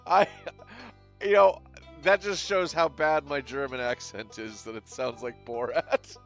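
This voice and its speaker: Gravelly man streaming games. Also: medium pitch, steady tone, a little slow, a bit bright, faint music behind. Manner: joking, swears freely, hums and mutters while playing. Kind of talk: casual gameplay commentary.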